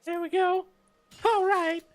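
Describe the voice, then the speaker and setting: Man putting on a high, ditzy girl streamer. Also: flat delivery, slow pace. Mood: bubbly. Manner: bubbly, airheaded, squeals in panic. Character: ditzy cutesy young female streamer persona. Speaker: game streamer. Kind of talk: put-on character voice on a livestream.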